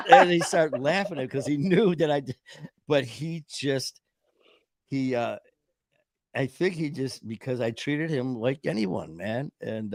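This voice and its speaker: A man in his fifties spins a loose, animated story at an ordinary mid pitch. He keeps restarting his sentences and slips into quoted voices. The sound is close and dry, with no room around him. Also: dry recording. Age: 50s. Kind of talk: casual storytelling chat.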